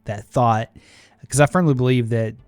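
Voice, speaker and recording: Male podcast host, earnest, searching, dry close sound, middle pitch. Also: steady tone, moderate pace, a little mellow, clear, resonant tone, no echo, soft background music. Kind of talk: podcast interview.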